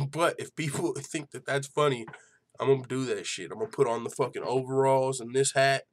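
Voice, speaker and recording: A man's voice: mid-range voice, normal speed. A man hosting an MMA news channel in casual chat, swearing freely and laughing often. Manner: loose and profane, laughs a lot, lots of fillers.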